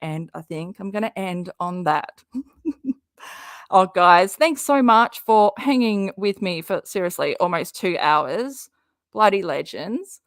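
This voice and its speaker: An Australian woman hosts a relaxed livestream and chats with her viewers, laughing often and using plenty of slang. She talks at an unhurried pace. The sound is dry and close, with no room echo. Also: medium pitch. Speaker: livestream host. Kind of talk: casual livestream chat.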